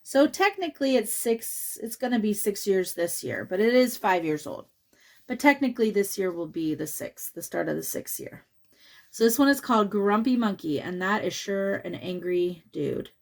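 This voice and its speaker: A woman's voice: medium pitch, expressive, moderate pace, creaky. A woman reading a picture book aloud to children, chatting and asking them questions along the way. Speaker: children's story reader.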